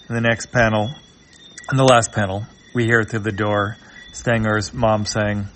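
A man reading a comic strip aloud, describing the panels in a halting way with many filler sounds. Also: fairly low pitch, level tone, fairly bright tone, slight background noise.

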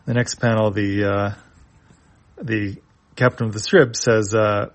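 A man's voice: lowish voice, level tone, unhurried. Man reading a comic aloud. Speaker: reader.

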